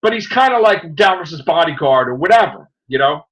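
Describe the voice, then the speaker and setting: A man hosting a casual review podcast, rambling through an animated retelling of a plot. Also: on the high side, a little fast, muffled recording. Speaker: podcast host.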